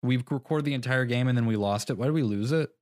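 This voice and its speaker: A young man co-hosting a podcast speaks quickly in a mid-range, slightly mellow voice, recorded in studio quality with no room sound. In casual chat, he rambles through a story and often laughs at himself.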